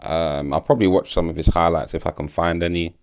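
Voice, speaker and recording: A man's voice: low voice, steady tone, fairly quick, smooth. A man giving casual commentary as a vlogger, rambling, swearing freely and stumbling over names.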